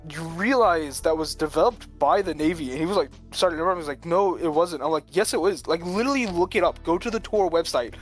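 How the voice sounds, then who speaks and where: A man's voice: fairly high pitch, a little fast, hardly any pauses, faint music behind. A man telling a long story in casual chat, rambling with lots of filler words and frequent chuckles. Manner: rambling, full of "like", chuckles often.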